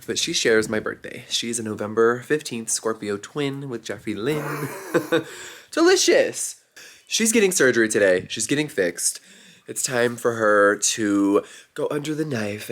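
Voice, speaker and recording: A man talking casually to camera in a vlog, expressive and swearing freely, slipping into high baby talk with his dogs. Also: a little hiss or hum. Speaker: vlogger. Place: home ranch and vet clinic.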